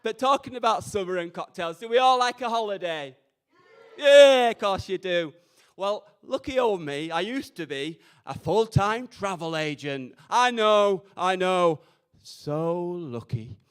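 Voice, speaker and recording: Cheeky high-voiced comedian. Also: male voice, lively intonation, a little slow, smooth. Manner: cheeky, self-deprecating, camp. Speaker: stand-up comedian. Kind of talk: open mic stand-up. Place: community radio open mic event.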